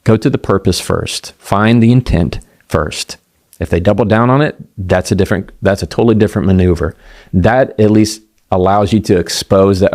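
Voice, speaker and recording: A middle-aged man gives a motivational talk on communication. He speaks conversationally, acts out quoted voices and slows down to land key points. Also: fairly low pitch, darkish tone. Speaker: communication coach.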